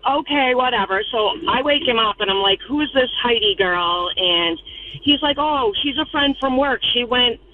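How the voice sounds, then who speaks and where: A woman's voice: a little high, animated, normal speed, no echo. A woman calling in to a radio show, telling her story bluntly and with emphasis. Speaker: caller. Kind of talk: phone-in storytelling. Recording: tinny phone line.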